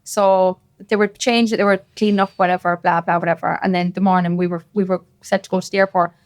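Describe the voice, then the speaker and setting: A woman with a Cork Irish accent talks as a podcast guest, her voice carrying a gravelly, creaky texture. She tells her story in loose, rambling, emphatic casual chat. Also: lowish voice, level tone, quick pace. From Cork, Ireland.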